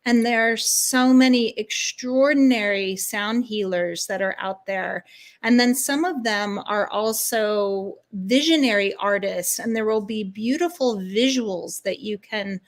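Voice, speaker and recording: A woman's voice: mid-range voice, measured pace. A woman guest, a spiritual guide and life coach, answering interview questions in an earnest, soothing way, stringing ideas together in long flowing lists.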